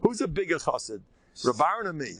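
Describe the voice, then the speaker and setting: An older man, a rabbi, giving an informal, animated Torah lecture with a conversational, joking delivery. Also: a little fast, no echo. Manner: animated and conversational, swinging pitch, jokes with listeners. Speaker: rabbi teaching a class.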